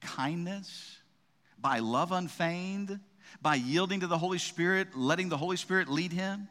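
A pastor, a man, delivers a sermon in a bright, slightly high voice. He talks conversationally, repeating himself and asking "right?" to keep the congregation with him. The sound carries a long hall reverb. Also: unhurried. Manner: conversational preaching, frequent "right?" asides and restarts.

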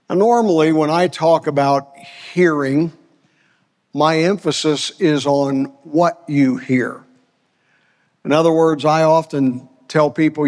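An older man from Cincinnati preaching a Sunday school lesson in a church, folksy and earnest with slow, emphatic delivery. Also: fairly high pitch, in a large hall. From Cincinnati, Ohio. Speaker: guest preacher. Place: church sanctuary.

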